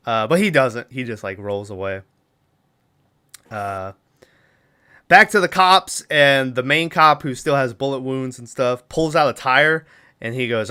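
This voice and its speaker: Bright-voiced man recapping a movie. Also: mid-range voice, normal speed, clear, resonant tone. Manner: animated retelling with laughs, acts out characters' lines. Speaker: podcast host.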